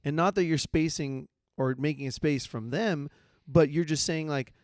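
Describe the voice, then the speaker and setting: A male co-host chats casually, halting and hunting for his words, and backs up his partner with frequent short agreements. His voice sits a little high for a man. The recording is close and dry. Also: a little mellow, dry recording. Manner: halting and searching for words, with many affirming interjections. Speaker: podcast co-host. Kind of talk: casual chat.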